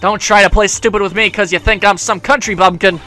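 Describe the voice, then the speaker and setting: A man voicing a loud, brash Southern woman photographer with an exaggerated drawl and a scolding manner. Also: sits high, fairly even intonation, fairly quick, faint music behind.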